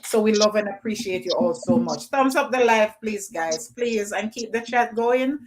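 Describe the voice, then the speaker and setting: A woman hosting a casual livestream, animated and playful, slipping into patois and put-on accents. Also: medium pitch, normal speed. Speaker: livestream host.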